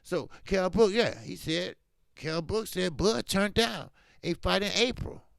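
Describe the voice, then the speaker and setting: This high-voiced boxing talk show host speaks a little slowly, his tone creaky but smooth, in a studio-quality recording without echo. His casual commentary livestream is animated and emphatic, full of drifting slang.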